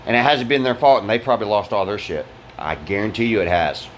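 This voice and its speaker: In an angry, rambling vlog shot inside his fire-damaged apartment, a man vents about the damage, swearing often and restarting his sentences. His voice is fairly low and expressive, he talks fast, and there's a little hiss or hum. He's the vlogger.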